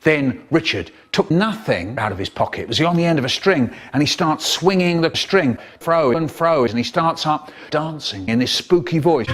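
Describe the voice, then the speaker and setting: A man telling comic stories in a playful, animated way, breaking into sound effects and squeals. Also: a little high, moderate pace, hardly any pauses. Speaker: storyteller. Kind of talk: comic storytelling, chopped into a remix.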